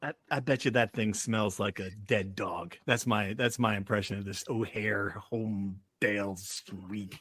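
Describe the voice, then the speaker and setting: A man's voice: on the low side, steady tone, unhurried, hardly any pauses, a bit bright. A man hosting a casual sports podcast, joking and teasing his co-hosts. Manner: joking, teasing, self-described hotel snob. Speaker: podcast host.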